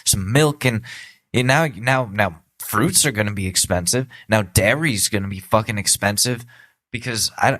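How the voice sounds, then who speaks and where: A man's voice: fairly low pitch, normal speed, a bit bright, dry recording. A man hosting a podcast, ranting sarcastically with lots of swearing in a comedic political monologue. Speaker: podcast host.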